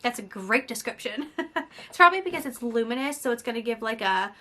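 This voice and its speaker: Beauty vlogger, woman of thirty, chatty review style, crisp bright tone. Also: fairly high pitch, animated, brisk. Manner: chatty, reads product blurbs aloud with asides. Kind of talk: casual product review.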